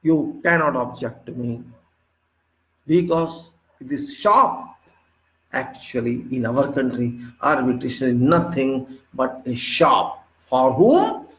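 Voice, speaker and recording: A man with an Indian accent giving an unscripted engineering lecture, forceful and indignant, pressing his points with sharp rhetorical questions. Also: medium pitch, animated, slow, reverberant, poor audio. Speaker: civil engineering instructor.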